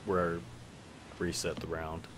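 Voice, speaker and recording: A man's voice: low-pitched, little pitch movement, slow pace, a little hiss or hum. A man narrating a tabletop game as game master, in a casual manner with filler words. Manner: casual, stops to fix his screen while talking.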